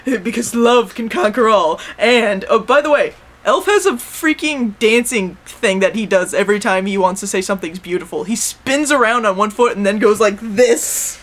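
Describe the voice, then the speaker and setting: A woman recapping an episode in casual chat, rambling with many fillers and quick put-on character voices. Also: medium pitch. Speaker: co-host reviewing an anime episode.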